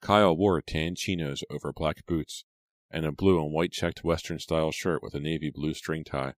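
A male audiobook narrator with an extremely deep voice, telling the story in a measured, even way. The recording is close and dry, with no room sound. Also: dry recording. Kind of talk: scripted narration.

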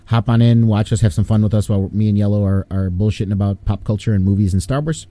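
A man's voice: on the low side, fast, no room sound. An American man, a guest in a casual chat, rambling with many fillers. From United States. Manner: rambling, full of fillers, animated.

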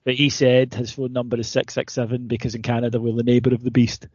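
A man's voice: mid-range voice, monotone, quick pace, a little mellow, no room sound, muffled recording. A man co-hosting a casual podcast chat, telling rambling, sweary stories. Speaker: podcast co-host.

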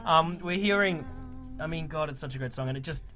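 A man's voice: fairly high pitch, a little fast, over music. A young man, co-hosting a casual podcast chat, rambling and restarting his sentences. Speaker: podcast co-host.

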